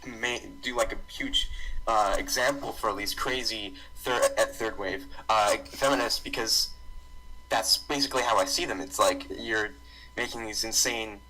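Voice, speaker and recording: A young man in casual online chat on a voice call, rambling with restarts and animated outbursts. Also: lowish voice, normal speed, poor audio. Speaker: podcast co-host. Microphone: computer mic on voice call.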